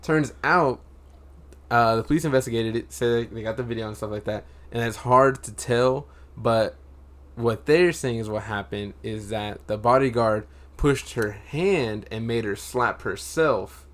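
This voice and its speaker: Relaxed man retelling news on a podcast. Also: medium pitch, unhurried. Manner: relaxed storyteller, chuckles often. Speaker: podcast regular. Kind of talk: casual chat.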